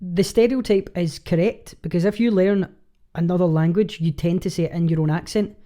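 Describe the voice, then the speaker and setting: A man's voice: high voice, fairly quick, warm tone. A man co-hosting a podcast in casual chat, joking and swearing as he banters. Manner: jokey, profane, banters. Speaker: podcast co-host.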